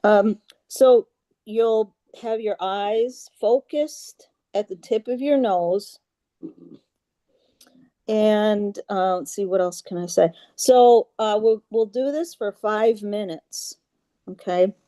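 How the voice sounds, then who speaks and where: A woman guides a group through a meditation over a video call, speaking slowly with a mellow, soft tone. She is patient and halting, full of little fillers, and chants her mantras in an even monotone. The sound is dry and close. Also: medium pitch, dry recording. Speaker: yoga class leader.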